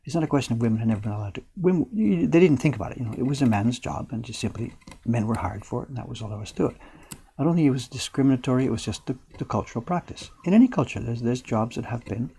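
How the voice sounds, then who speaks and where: An older man chatting casually as he works at woodblock carving in his print workshop, thinking aloud and sometimes dropping his voice low. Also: lively intonation, quick pace, gravelly, dark tone, husky. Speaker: printmaker streaming live. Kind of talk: casual chat while working.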